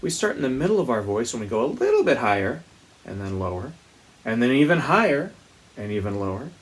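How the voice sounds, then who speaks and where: A man teaching a music lesson to young children, speaking gently and patiently and demonstrating vocal slides with high sung sounds. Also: slight background noise.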